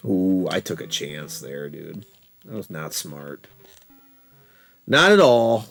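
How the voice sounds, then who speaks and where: Gravelly man rambling over gameplay. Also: deep voice, very animated, takes it slowly, a bit bright, soft background music. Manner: rambling, laughing, profane storytelling. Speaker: gaming channel host. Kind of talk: casual gameplay commentary.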